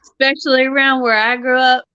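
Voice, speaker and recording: A woman with a Southern Missouri drawl talks in a slow, folksy way as a guest. Her voice is higher than most and bright. The sound is dry and a little muffled, like a home webcam stream. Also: little pitch movement, clean tone, no room sound. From Missouri, Ozarks. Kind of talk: casual chat.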